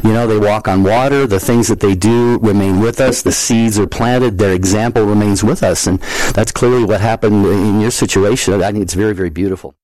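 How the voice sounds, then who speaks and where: A man co-hosting a radio talk show, answering a caller in a gentle, reflective, affirming way. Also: on the low side, steady tone, fairly quick, hardly any pauses, no echo, rough recording. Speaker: co-host.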